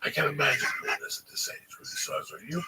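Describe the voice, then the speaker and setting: A man's voice: on the high side, wildly swooping pitch, fast talker. A middle-aged man, a comedian and host, in casual chat, telling rambling, profanity-laced stories and putting on voices for others. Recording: distant mic with loud background noise.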